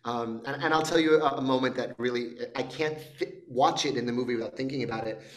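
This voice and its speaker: A man, a film director, answering interview questions in a reflective, thinking-aloud way, with many pauses and laughs. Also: mid-range voice. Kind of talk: casual interview chat.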